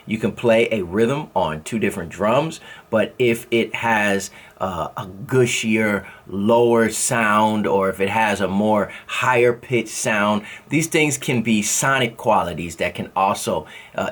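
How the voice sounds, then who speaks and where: A man's voice: fairly low pitch, measured pace, a bit bright. A man teaching a music lesson on rhythm, who explains by singing drum syllables and counting beats, and often stops to correct himself mid-sentence. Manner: thinks aloud, with restarts and self-corrections.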